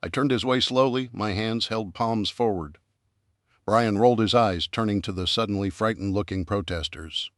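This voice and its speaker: A man narrating a first-person thriller audiobook in a calm, even storytelling manner. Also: fairly low pitch, normal speed, no room sound, studio quality.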